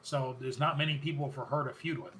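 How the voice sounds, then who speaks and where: A man's voice: medium pitch, fast, a little hiss or hum. A man hosting a podcast, rambling through a wrestling recap and often correcting himself mid-sentence. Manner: rambling, self-correcting, excited recounting. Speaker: podcast host. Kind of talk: casual wrestling recap chat.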